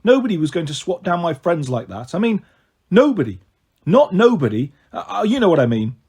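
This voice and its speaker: A man reading a novel aloud in first person, with expressive, animated narration. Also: high voice, a little fast, husky. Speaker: storyteller.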